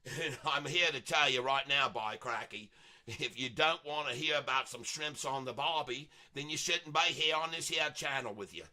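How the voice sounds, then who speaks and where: A man putting on an Australian accent, impersonating an excitable outdoorsman. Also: medium pitch, normal speed. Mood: excited. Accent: put-on Australian.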